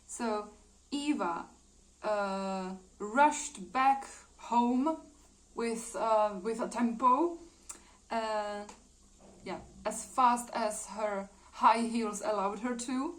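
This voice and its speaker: A woman's voice: on the high side, extremely slow, a little hiss or hum. A woman retelling her own old comic in a casual, hesitant way, full of fillers and small laughs. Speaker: artist showing her drawings.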